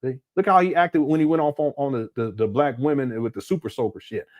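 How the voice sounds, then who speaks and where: A man hosting a casual live-stream commentary, talking in a rambling, animated way with frequent restarts and crude language. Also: mid-range voice, quick pace. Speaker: commentary channel host.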